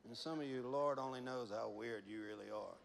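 A man's voice: mid-range voice, brisk, vocal fry, slight background noise. Man preaching in a reverberant church. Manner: animated storytelling, laughs often, swings from hushed to loud. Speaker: pastor. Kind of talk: sermon.

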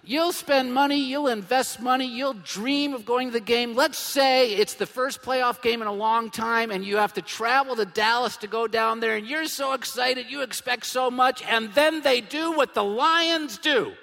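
A man in his fifties preaching a sermon as pastor, emphatic and animated, dropping to a hush and then bursting out loud. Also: extremely high pitch, normal speed, vocal fry, hardly any pauses. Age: 50s. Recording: long hall reverb.

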